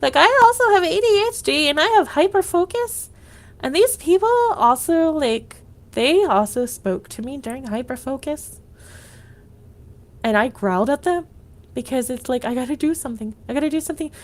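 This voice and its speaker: High-voiced woman venting on a livestream. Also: expressive, normal speed. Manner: rambling, fillers of "like", restarts. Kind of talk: casual venting monologue.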